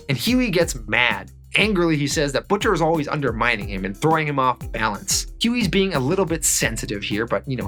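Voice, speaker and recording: Man, casual comic recap, bright voice, faint music underneath. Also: mid-range voice. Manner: loose, repeats "and then". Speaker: comic book reviewer.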